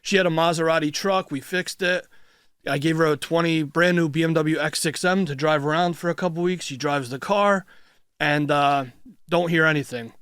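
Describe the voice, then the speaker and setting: A man with a fairly high voice, a guest in a radio studio. He tells his story bluntly in short, punchy bursts and swears freely. The sound is dry and close, with no room echo. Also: a bit bright, smooth. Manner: blunt, swears freely, retells events in quick clipped phrases. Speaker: interview guest. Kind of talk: casual storytelling. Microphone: studio microphone.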